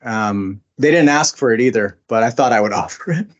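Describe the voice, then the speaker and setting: A man's voice: mid-range voice, fairly quick. Chatty man, slightly muffled audio. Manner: chatty, many fillers and restarts. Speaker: voice actor guest. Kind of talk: casual interview.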